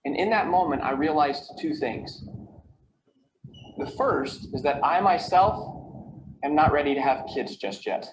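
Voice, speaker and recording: A man with a high voice delivers a motivational keynote, building his points through stories, rhetorical questions and repeated lists. His voice is played from a video over a call, so it sounds echoey with a steady hum of background noise. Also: a little slow. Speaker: keynote speaker on time management.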